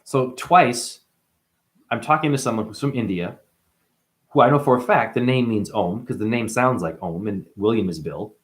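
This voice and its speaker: A man talking straight to the camera as a self-styled spiritual guru, boastful and rambling, jumping from loud outbursts to muttered asides. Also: fairly low pitch, normal speed.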